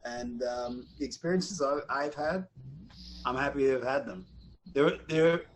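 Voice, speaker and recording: A man from Montreal, an actor, telling animated, profane anecdotes in a casual chat and laughing as he goes. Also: medium pitch, unhurried, rough recording. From Montreal, Canada. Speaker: actor, podcast guest.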